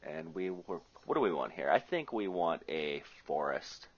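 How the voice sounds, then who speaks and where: A husky, low-voiced Magic player from the Rust Belt is very animated at normal speed as he jokes through commentary on his own match and thinks out his moves. The recording is muffled and lo-fi.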